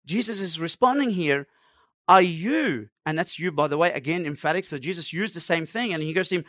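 Male preacher, high-pitched, emphatic sermon delivery, dry close recording. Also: lively intonation, a little fast, fairly bright tone, no room sound. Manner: emphatic, dramatic preaching with acted-out quotes.

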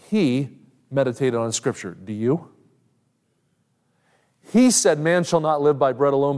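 A man's voice: mid-range voice, a little mellow. A man preaching a sermon as an evangelist, earnestly quoting Scripture at length and pressing his points with rising emphasis. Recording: long hall reverb.

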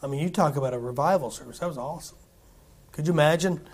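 High-voiced man preaching a sermon. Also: fast talker, slightly rough. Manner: emphatic, repeats himself, asks the congregation questions. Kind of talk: sermon with scripture reading.

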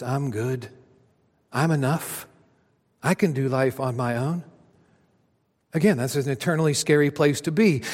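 A man's voice: on the high side, long reverb tail. A man preaching a sermon as a pastor, speaking emphatically with dramatic rises and drops.

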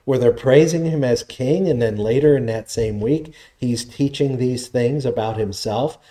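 Earnest man preaching, mellow voice. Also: mid-range voice, a little slow. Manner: earnest, emphatic, reads scripture aloud. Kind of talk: sermon teaching from scripture.

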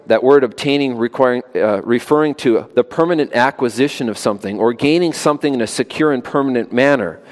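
A man's voice: medium pitch, a little mellow. A man preaching a sermon as pastor, earnest and emphatic, often repeating words for stress.

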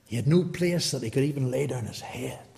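A man delivers an impassioned evangelistic sermon at a mid-range pitch. He presses his listeners with repeated rhetorical questions. His voice rings out with a long reverb in a church hall. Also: lively intonation, a little fast, gravelly, mellow. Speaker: preacher.

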